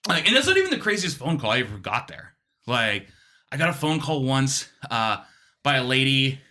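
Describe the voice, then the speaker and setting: A young man, a guest comedian, telling animated stories with lots of fillers and the odd swear. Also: medium pitch, normal speed. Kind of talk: comedic storytelling.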